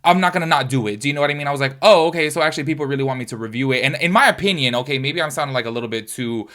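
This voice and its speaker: A chatty young man talking straight to his viewers in a casual vlog. He talks fast and runs on, and his voice sits at an ordinary middle pitch. He calls his audience y'all. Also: fairly bright tone. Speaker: beauty YouTuber.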